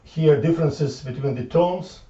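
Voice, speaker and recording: A man giving an informal math lecture, halting and repeating words as he thinks aloud at the board. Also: fairly high pitch, warm tone. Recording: echoey room from far off, dull lo-fi sound.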